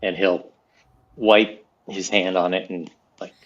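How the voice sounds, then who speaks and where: A man's voice: low voice, little pitch movement, takes it slowly, highs cut off. A man playing a tabletop game, talking casually with hesitant fillers. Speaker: player.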